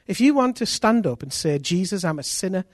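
A man's voice: sits high, brisk, dry recording, studio quality. A man preaching a sermon, telling conversion stories and acting out the people in them with repeated phrases. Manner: animated, acts out quoted voices, repeats phrases. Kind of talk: sermon storytelling.

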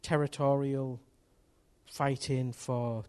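A man preaching a sermon to a congregation, impassioned and building to loud bursts. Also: mid-range voice, little pitch movement, slow. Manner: impassioned, rising to loud outbursts. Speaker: pastor. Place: church hall with congregation.

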